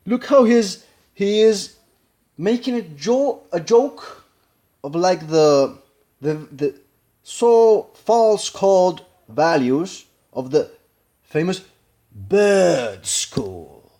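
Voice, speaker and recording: Halting man with a Spanish accent. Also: high-pitched, lively intonation, dark tone. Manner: halting, searching for words, breaking into impressions. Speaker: acting learner. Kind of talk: casual analysis of a film scene.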